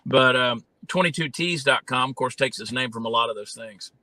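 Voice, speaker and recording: A man from Georgia with a Southern accent, telling stories in a folksy, animated way with plenty of fillers as an interview guest. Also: medium pitch, normal speed, dry recording, low-quality recording. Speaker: guest, comedian and candidate. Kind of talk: casual interview talk.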